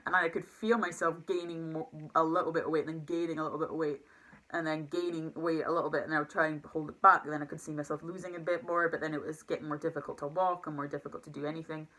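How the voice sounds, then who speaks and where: Fast-talking young woman vlogger. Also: deep voice, sharp tone, low-quality recording. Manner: rambling, emotional, full of fillers and restarts. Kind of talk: casual confessional talk to camera.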